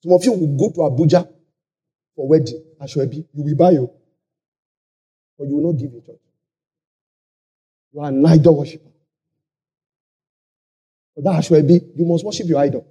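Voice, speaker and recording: A man preaching a sermon at a church conference, swinging between shouted lines and low asides and repeating phrases. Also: normal speed, pauses often, breathy edge, muffled recording.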